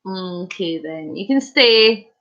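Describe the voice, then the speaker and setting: A woman's voice: mid-range voice, animated, slow pace, fairly bright tone, lo-fi sound. A woman hosting a casual live stream, chatting and joking as she reads viewer comments. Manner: chatty, jokey, punning, laughs often. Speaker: livestream host.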